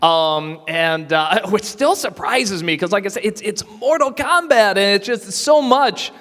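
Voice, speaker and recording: A man chatting casually with a convention audience, talking quickly with lots of fillers and laughs. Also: high-pitched, expressive, fairly bright tone. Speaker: convention panel guest, film reviewer. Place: convention hall. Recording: reverberant hall, PA mic.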